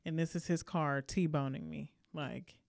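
A woman from Alabama, co-hosting a podcast, tells a story in a casual, animated and profane way, acting out the lines of the other people in it. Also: sits low, measured pace, creaky, no room sound, studio quality. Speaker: podcast co-host. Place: indoor podcast studio.

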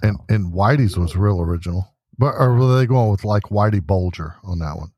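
A man's voice: on the low side, fairly quick, slightly rough, no room sound, muffled recording. A man co-hosting a podcast in casual chat, teasing and joking with the others. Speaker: podcast co-host.

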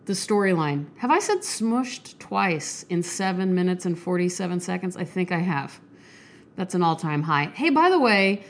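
A woman hosting a casual solo podcast while sick with a stuffy nose, chatty, self-deprecating and quick to apologize, swearing casually. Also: on the low side. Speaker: podcast host.

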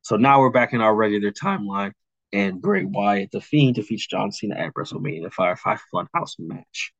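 A man's voice: on the low side, lively intonation, no echo, muffled recording. A young man co-hosting a podcast, recapping a storyline in a rambling casual way with lots of fillers. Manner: mimics wrestlers' lines in quick asides. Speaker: podcast co-host. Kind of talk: casual chat, pitching a storyline rewrite.

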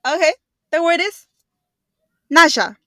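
Young woman from Texas, high bright voice, playful, dry close mic. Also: expressive, a little slow, dry recording. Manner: playful quizzing, laughs often. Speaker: podcast co-host. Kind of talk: casual chat.

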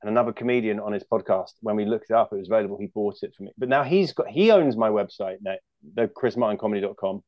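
A man's voice: fairly low pitch, quick pace, few pauses, dry recording, lo-fi sound. A man with a British accent, a guest comedian chatting casually, rambling and joking with many restarts. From United Kingdom. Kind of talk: casual chat.

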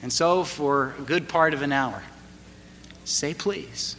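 A middle-aged man preaching a sermon, telling a family story slowly and deliberately, building to emphatic moments. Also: mid-range voice, a bit bright, slight background noise. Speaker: pastor. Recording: reverberant hall, faint ambience.

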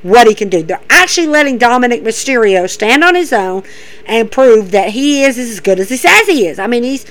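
Speaking briskly in a slightly high voice, a female podcast host chats through a recap play by play, animated and casual, often repeating herself. The audio quality is poor.

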